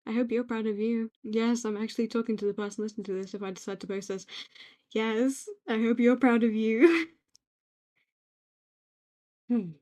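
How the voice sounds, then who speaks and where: A young British woman gently rambling in a soft-spoken ASMR-style note to herself, reflective and quietly affirming, recorded on a home microphone. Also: fairly high pitch, fairly even intonation, moderate pace, long pauses. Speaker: ASMR creator.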